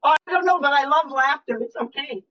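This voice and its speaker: An older woman coach giving a live webinar talk, animated and emphatic, often dropping her voice low or to a whisper for effect. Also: a little fast. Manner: animated, emphatic, varies loudness, drops to whispers. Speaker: speaker and leadership coach. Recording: dull lo-fi webinar audio.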